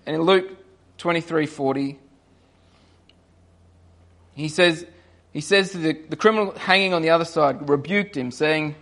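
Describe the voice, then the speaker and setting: A young man giving a casual sermon, telling a story and acting out the voices of its characters, rising to loud emphatic peaks. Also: a little high, moderate pace, vocal fry, long pauses. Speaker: preacher.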